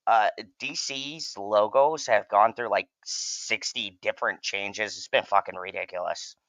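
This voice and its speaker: Male fan host, lower voice, dry close sound, heated profane reaction rant. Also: measured pace, fairly bright tone, no room sound, poor audio.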